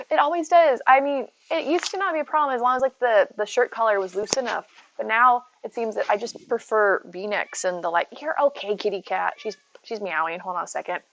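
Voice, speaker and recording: A woman's voice: medium pitch, highs cut off. A woman streaming from home, chatting casually, greeting viewers by name and talking to her cat. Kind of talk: casual live-stream chat. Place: at home near her bed.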